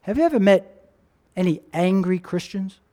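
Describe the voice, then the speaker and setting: High-voiced man preaching animatedly. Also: moderate pace. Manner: animated storytelling, acting out characters' lines; asks the congregation questions. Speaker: pastor. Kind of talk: sermon.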